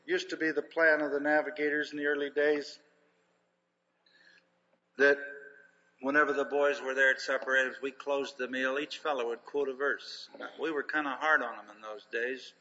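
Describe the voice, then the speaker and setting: An older man preaches, telling folksy stories with emphasis in a mid-range voice that is level yet sharp, at a moderate pace. The sermon storytelling is captured in a dull, lo-fi recording within a reverberant hall.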